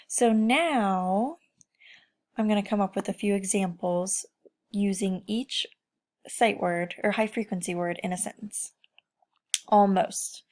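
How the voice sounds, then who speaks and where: A woman's voice: medium pitch, a little mellow. Woman teacher, encouraging sing-song delivery to young kids, takes her time. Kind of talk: remote classroom lesson for children.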